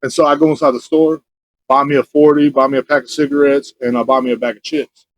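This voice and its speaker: Fast-talking man telling stories. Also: mid-range voice, flat delivery. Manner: rambling anecdotes, quick, laughing, swears freely. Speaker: podcast host. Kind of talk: casual storytelling chat.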